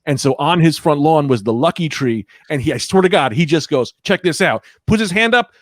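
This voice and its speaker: Brief: male comedian, mid-pitched, very expressive melodic delivery, rambling storyteller, dry close mic. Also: a little fast, no room sound. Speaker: comedian guest. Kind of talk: casual comedy podcast chat.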